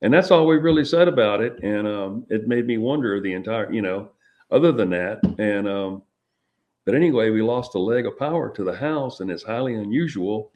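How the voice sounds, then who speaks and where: A middle-aged man, telling a personal experience as an interview guest in a halting, rambling way full of restarts. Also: on the low side, animated, darkish tone.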